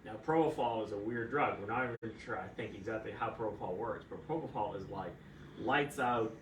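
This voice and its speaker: A man, a fertility doctor, chatting casually and telling animated stories, with a distant mic in a roomy space and steady background noise. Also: fairly low pitch, fairly quick. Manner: animated storyteller, acts out quoted voices. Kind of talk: casual conversational storytelling.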